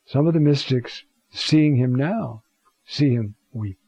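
A man teaching a Scripture talk in an unhurried, reflective way, pausing often as he looks up verses. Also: medium pitch, warm tone, slightly rough, dry recording. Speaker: Bible teacher.

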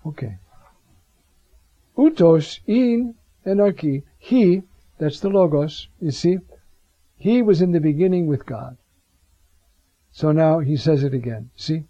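A man gives a Bible teaching in a slow, unhurried way, full of rhetorical asides. His voice is husky and sits a little high, and the recording is dull and lo-fi. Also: dark tone, no echo. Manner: reflective, rhetorical asides, drawn-out Greek phrases. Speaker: preacher teaching scripture. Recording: dull lo-fi sound.

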